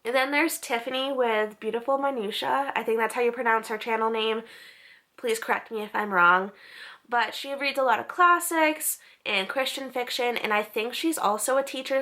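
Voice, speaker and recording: Bright, chatty young woman vlogger. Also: on the high side. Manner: chatty, upbeat, unsure of name pronunciations. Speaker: book vlogger. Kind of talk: casual recommendation list.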